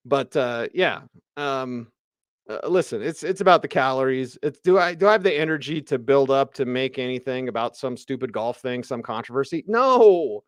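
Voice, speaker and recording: A man hosting sports radio, ranting in an animated, emphatic way about football. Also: mid-range voice, normal speed, dry recording, studio quality.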